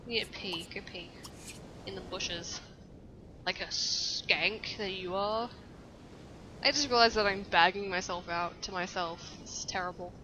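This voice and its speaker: Young woman, bright tone, medium pitch, foul-mouthed let's-play commentator. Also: measured pace, slight background noise. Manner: profane, reacts loudly, insults her character. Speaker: gameplay commentator.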